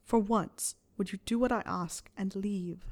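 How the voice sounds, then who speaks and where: A woman's voice: mid-range voice, steady tone, measured pace, darkish tone. A woman voicing a defensive, vulnerable young male wizard, bitter in his speech.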